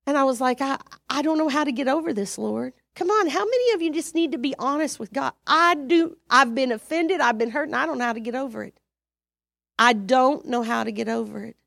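A woman preaching a sermon, animated and exhorting, acting out her own prayers and conversations with sudden loud rises. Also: high voice, a little fast, creaky, no echo, clean studio sound.

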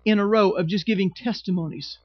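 A man's voice: high-pitched, brisk, dry recording, dull audio. A man preaching a sermon with emphatic, repetitive phrasing and humorous asides. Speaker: pastor.

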